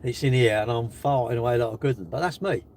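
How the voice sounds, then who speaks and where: A man with a British accent talks fast in a mid-range, darkish voice, with a little hiss or hum in the background. He's live streaming from his car while it charges, reading viewers' comments aloud and answering them with sarcastic, mocking jabs.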